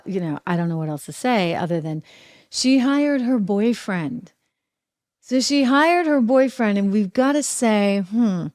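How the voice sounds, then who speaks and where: A woman's voice: a little high, darkish tone. Sarcastic New England woman hosting. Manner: sarcastic, conversational, asks rhetorical questions. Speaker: talk show host. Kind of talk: opinionated political commentary.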